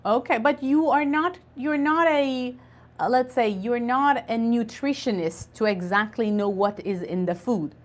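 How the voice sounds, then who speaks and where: A woman's voice: on the high side, unhurried. A woman teaching an online English conversation class, patiently spelling out words and drilling pronunciation.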